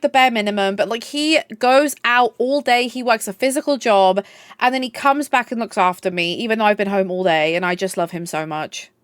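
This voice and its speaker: A woman's voice: on the high side, dry recording, studio quality. A young woman streaming live, chatting casually and gushing at her chat. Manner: gushing, chatty, swears, reads chat aloud.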